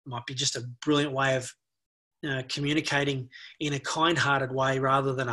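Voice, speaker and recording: A man's voice: mid-range voice, little pitch movement, normal speed, bright, forceful tone. A middle-aged man from Australia, an anti-bullying expert speaking as a guest in a conversational interview, earnest and given to storytelling. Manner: earnest, storytelling, repeats words while thinking.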